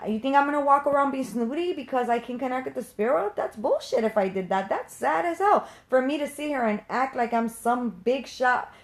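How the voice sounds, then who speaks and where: A woman's voice: high voice, brisk, hardly any pauses. A woman who works as a medium and teaches others, ranting to viewers in an unscripted live stream, passionate, blunt and emphatic, with casual swearing.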